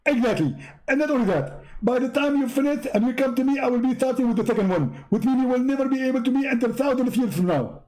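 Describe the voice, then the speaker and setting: A man with an Arabic accent mocking an impatient male preacher who snaps at a visitor in a shrill, exasperated voice. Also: fast, a little mellow. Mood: irritated.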